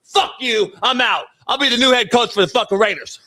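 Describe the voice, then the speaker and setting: A man putting on a fired football coach who screams a profane, crying rant in a high strained voice. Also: fairly quick, background noise. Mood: screaming rant. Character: ranting fired male football coach, sobbing and furious.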